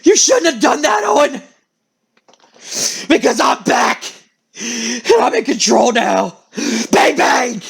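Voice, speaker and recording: Unhinged vengeful wrestler, shaky menacing high voice, played by a man. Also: animated, slow pace, gravelly, breathy edge, exaggerated voice. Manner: menacing, shaky, rising to yells.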